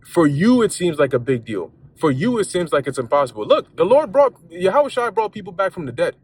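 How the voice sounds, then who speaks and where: A man's voice: high-pitched, sing-song, a little fast, a little mellow, breathy edge. A man giving a casual spoken Bible lesson in a conversational, repetitive way, with street slang and frequent restarts, talking from a car while driving. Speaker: lay preacher.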